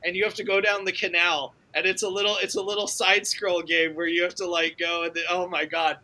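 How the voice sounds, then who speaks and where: A man co-hosting a casual gaming chat, excitable and talkative, swearing freely. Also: high voice, a little fast. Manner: excitable, swearing, talks over others. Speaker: podcast co-host.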